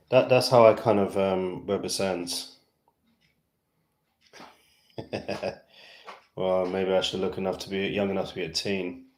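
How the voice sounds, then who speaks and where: Low-voiced British man chatting on a livestream. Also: roomy sound. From West London, England. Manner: rambling and chatty, heavy fillers, self-amused. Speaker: YouTuber livestreaming to fans. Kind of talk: casual livestream chat.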